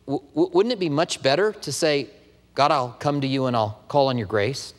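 A man's voice: mid-range voice, normal speed, in a large hall. A man preaching a sermon as pastor, telling stories animatedly and acting out the dialogue. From Tucson, Arizona. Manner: animated storytelling, acts out dialogue.

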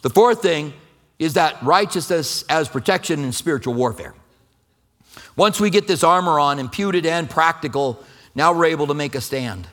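A man preaching a sermon in a conversational way, reading scripture slowly and acting out quotes. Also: a little high, expressive, fairly bright tone. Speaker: pastor.

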